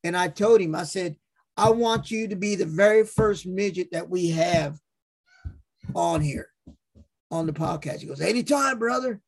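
The man hosting this podcast has a high voice, a measured pace, and frequent pauses. His casual stories come loaded with profanity, and he animatedly acts out the quotes.

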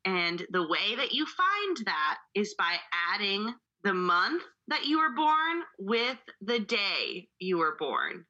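A woman co-hosting a podcast in loose, casual chat, swearing and laughing easily. Her voice is breathy and husky with a very bright, forward tone. The recording sounds a little dull and lo-fi. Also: medium pitch, very animated, slow, hardly any pauses. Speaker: podcast co-host.

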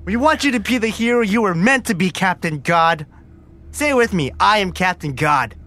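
An excitable man hosting an improvised comedy podcast while playing a superhero sidekick. His high, bright voice leaps around wildly, dropping into gruff low lines for laughs. He talks with a bright, forceful edge. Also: moderate pace.

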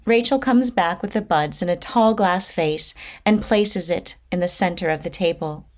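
A woman reading stage directions in a plain, measured narration. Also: lowish voice, a little mellow.

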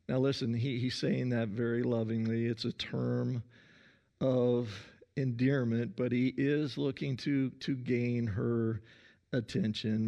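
A man preaching a sermon in an earnest way, often calling "listen" and pausing between phrases. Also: mid-range voice, steady tone, gravelly, warm tone. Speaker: pastor.

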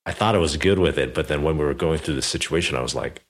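A man's voice: rumbling low, fast. A man hosting a podcast interview, telling a personal story casually with lots of "like" and "you know". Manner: animated, many fillers like "like" and "you know". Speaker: podcast host.

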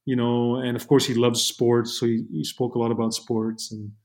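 A man's voice: mid-range voice, flat delivery, normal speed, a little mellow. A man from Montreal, a camera operator guest, telling stories casually with lots of restarts and fillers. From Montreal, Canada. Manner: rambling, many restarts and "you know". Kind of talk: casual interview storytelling.

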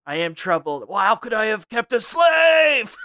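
A man's voice: sits high, very animated, measured pace, bright, forceful tone, no room sound, shouting, voice pushed up, heavily acted. A man voicing a troubled male alien junk dealer in an odd, British-sounding put-on accent, as a comedy podcast bit. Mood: brooding.

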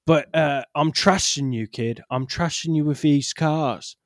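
A man's voice: on the high side, no room sound, clean studio sound, close to an everyday voice. A man playing a bossy boss who leans in and lays down the law to his new driver, in an improvised comedy scene. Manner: bossy, conspiratorial, fast-talking. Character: gruff middle-aged male boss hiring a driver.

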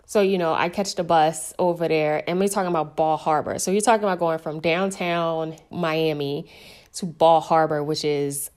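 A woman's voice: fairly low pitch, darkish tone. A woman sommelier telling her story in a casual interview, candid and chatty, often saying "like". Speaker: sommelier guest.

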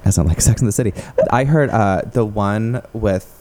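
A man's voice: lowish voice, normal speed, a little mellow. A young man co-hosting a casual chat, joking and rambling in a loose, irreverent way. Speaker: podcast co-host.

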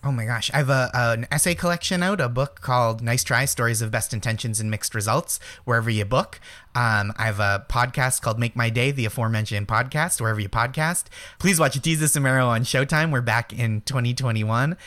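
A man's voice: medium pitch, brisk, sharp tone. A man from Massachusetts with a New England accent, an eager, self-deprecating comedian chatting as a guest. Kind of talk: casual chat.

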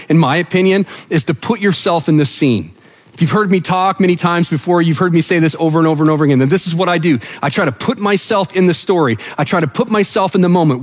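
A man from New Brunswick, Canada, preaching a sermon as pastor, telling the story vividly and acting out the quotes. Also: sits high. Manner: animated storytelling preacher, acts out quotes, drops to soft emphasis.

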